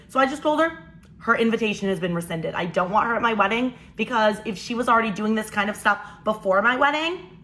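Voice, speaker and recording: A young woman speaks straight to her listeners in a casual storytime monologue. Her voice is bright and a little high. She talks in an animated, incredulous way. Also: rough recording. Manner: animated, incredulous, quotes people in changed voices.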